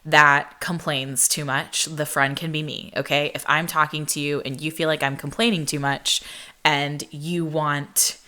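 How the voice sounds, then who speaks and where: A young woman hosting a podcast, telling a story in casual chat, full of "like" fillers and quoting people in higher, sharper voices. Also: bright, forceful tone. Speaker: podcast host.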